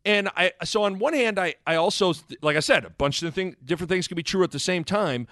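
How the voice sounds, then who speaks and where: A man's voice: high voice, a little fast, no room sound, clean studio sound. A man co-hosting a sports podcast, talking casually and rambling with many restarts. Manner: rambling, self-correcting, animated. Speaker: podcast co-host.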